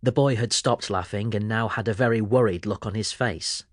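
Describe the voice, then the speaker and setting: A man narrating a children's audiobook in a lively storytelling manner. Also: on the low side, normal speed, no echo, studio quality.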